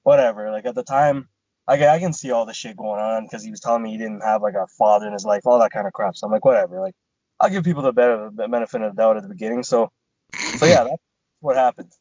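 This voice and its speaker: This man speaks fast in a fairly low register, co-hosting a podcast and animatedly recounting a story packed with profanity and quoted exchanges. The sound is lo-fi, with no room sound.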